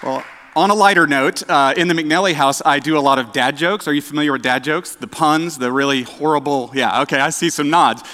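Man, church preacher, bright tone, chatty, self-deprecating, echoey hall. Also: on the high side, brisk, hardly any pauses, a faint crowd. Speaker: director of outreach, preaching. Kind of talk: sermon with dad jokes. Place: church sanctuary.

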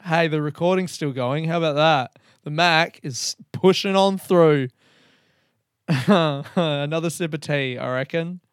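A man's voice: on the high side, slow, clean tone, dry recording, studio quality. A man of thirty, hosting a solo podcast in a rambling, self-mocking way and swearing often. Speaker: podcast host.

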